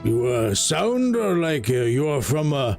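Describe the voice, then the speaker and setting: A grandiose cat lord with a gravelly, drawn-out delivery, as a man puts him on. His pitch rolls up and down in a lively way while he takes his time over every word. Faint music plays behind him. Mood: lordly. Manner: slow, lordly, theatrical. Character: grandiose male cat lord ruling a city.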